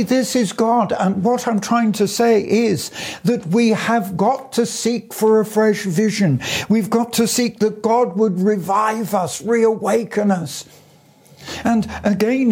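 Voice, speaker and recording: A man's voice: high voice, darkish tone, slightly rough. An older man preaching a sermon, earnest and fervent, quoting scripture as he testifies.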